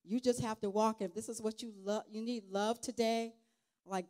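Earnest woman giving a halting testimony. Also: medium pitch, a little mellow. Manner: halting, restarts, earnest and conversational. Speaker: guest speaker. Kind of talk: informal testimony sermon.

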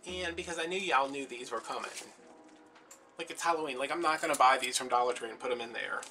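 A man's voice: mid-range voice, fast talker, bright, forceful tone. A man telling a rambling, chatty story with lots of fillers while he works on a craft project. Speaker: craft vlogger. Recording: mic at a distance with clear background music.

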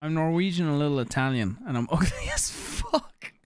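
A young male streamer talking over his game in a loose, swearing, jokey way, answering chat as he plays. His voice sits a little high for a man and swings up and down a lot as he riffs. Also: huge pitch swings, moderate pace, a little hiss or hum. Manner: crude, joking, swears a lot, reads chat aloud. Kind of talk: casual live-stream commentary.

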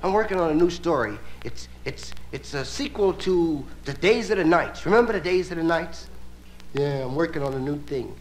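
Male stand-up comic, lively high delivery, relaxed drawl; live album with tape hiss. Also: moderate pace. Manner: relaxed drawling, playful asides. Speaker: stand-up comedian. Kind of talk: stand-up comedy storytelling. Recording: hissy live album recording.

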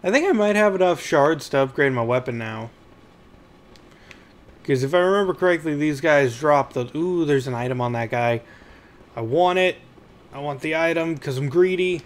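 A fairly high-pitched man talks through his gameplay from home in a loose, rambling way. He chats easily and breaks into panicked yelps when things go wrong. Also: animated, normal speed. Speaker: let's play host. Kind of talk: gameplay commentary.

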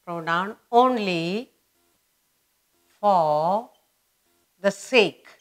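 Slow, repetitive woman grammar teacher. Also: medium pitch. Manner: repeats words and phrases slowly for emphasis.

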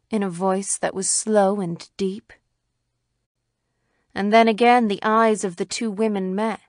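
A woman narrating a classic short story as an audiobook reader, in a measured, even storytelling manner. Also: mid-range voice, no room sound, clean studio sound. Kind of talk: scripted narration.

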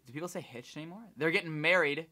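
A young man from Ohio, a vlogger telling a rambling, animated story with lots of swearing. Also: fairly high pitch, fast talker. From Ohio, United States. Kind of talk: casual storytelling vlog.

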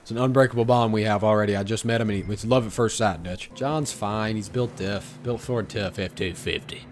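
A young man doing loud, profane, excitable commentary while playing a video game. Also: on the low side, fairly quick, a little hiss or hum. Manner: profane, excitable trash talk. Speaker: gaming streamer. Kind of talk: gameplay commentary.

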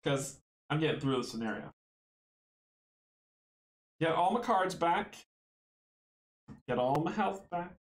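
A man's voice: on the high side, lively intonation, takes it slowly, pauses often, echoey room, low-quality recording. A man playing a tabletop board game solo, thinking aloud, counting out moves and chuckling often.

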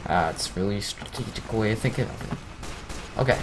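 A man's voice: on the low side, normal speed, noisy background. Rambling young man narrating his gameplay. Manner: rambling, self-mocking, excitable outbursts. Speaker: gameplay commentator. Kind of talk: casual gameplay commentary.

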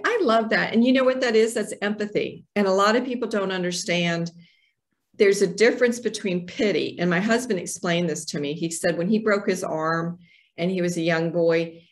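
Animated woman telling stories. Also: lowish voice. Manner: animated storyteller, acts out quoted voices. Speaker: podcast guest, author. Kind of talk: casual conversational interview.

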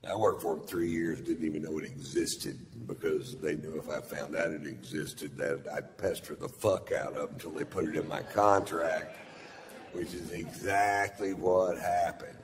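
A man performing a profane stand-up comedy routine, telling a drawling story and punching lines loudly. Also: extremely low pitch, normal speed. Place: large theater stage. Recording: large theater with long reverb and audience noise.

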